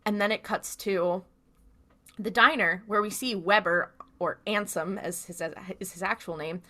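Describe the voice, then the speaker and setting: A woman's voice: mid-range voice, normal speed, pushed and bright. A woman podcast co-host casually recapping a TV episode, chatty, with lots of fillers. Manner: chatty, filler-heavy retelling with quoted lines.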